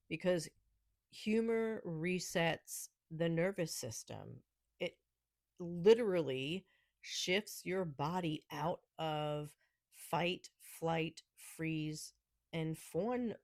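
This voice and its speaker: A podcast host with a New York accent talks solo and casually, trading in sarcastic, snarky jokes and laughing often between remarks. Her voice is low, and the studio-quality recording has no room sound.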